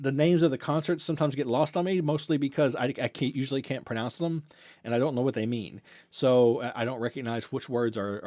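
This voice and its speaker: A man's voice: mid-range voice, darkish tone. A young man from the US South with a Southern accent, hosting a casual livestream Q&A and talking in an earnest, rambling way. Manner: rambling, self-correcting, earnest and grateful. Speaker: reaction channel host.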